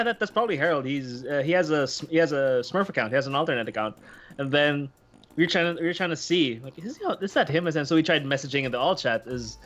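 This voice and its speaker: A man's voice: fairly high pitch, a bit bright, dull audio. A man co-hosting a gaming show, telling an anecdote in a rambling, chatty way. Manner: rambling, chatty, full of fillers. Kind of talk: casual storytelling.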